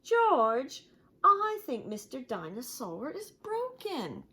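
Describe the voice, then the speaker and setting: A bossy little piglet girl from a storybook squeals her lines in a very high, excitable voice, as a woman puts her on. Her pitch leaps wildly from word to word. She speaks slowly, stressing each word. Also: exaggerated voice. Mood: excited.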